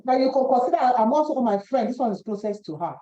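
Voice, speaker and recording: A woman gives an animated devotional Bible lesson in a fairly high, mellow voice. She repeats her phrases and slips into quoted voices. The recording is dull and lo-fi. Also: quick pace. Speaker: Bible teacher.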